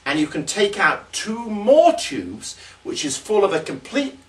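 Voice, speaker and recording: A man's voice: high voice, very animated, a little slow, a bit bright. British guy doing magic patter, big swoopy voice, bit far from the mic. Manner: theatrical, exclamatory showman patter. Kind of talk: demonstrating a magic trick and its patter.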